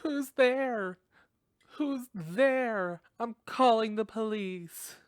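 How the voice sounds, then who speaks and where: Brief: terrified young woman yelling down a phone line, put on by a man, pitched way up. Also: drawn-out words, clean tone, dry recording, studio quality, exaggerated voice. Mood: panicked.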